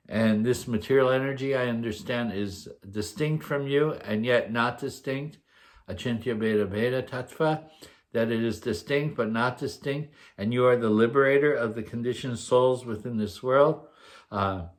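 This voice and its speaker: A man teaching a scripture class, reading verses aloud, chanting Sanskrit lines slowly and explaining them with frequent pauses and fillers. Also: medium pitch.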